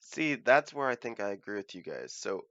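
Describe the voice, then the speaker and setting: A man's voice: fairly low pitch, very animated, moderate pace, a bit bright, dry recording, lo-fi sound. An American man hosting a reaction video, chatting casually and thinking aloud with hesitant fillers and restarts. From United States. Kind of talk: casual commentary.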